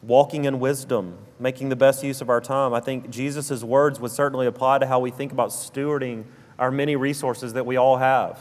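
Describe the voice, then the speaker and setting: A man's voice: mid-range voice, fairly even intonation, fairly quick, a little mellow. A man with a South Alabama accent preaching a sermon, earnest and repeating key phrases for emphasis. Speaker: pastor. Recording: long reverb of a church hall.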